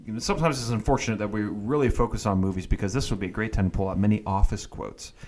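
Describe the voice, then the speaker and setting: A man's voice: on the low side, fairly even intonation, fast talker, darkish tone. A man hosting a casual podcast about movies, easygoing and hesitant, with many fillers. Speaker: podcast host.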